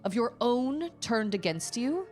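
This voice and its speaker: A woman's voice: a little high, sing-song, a little slow, a little mellow, faint music behind, voice pushed up. A woman reading a solemn, grieving game character.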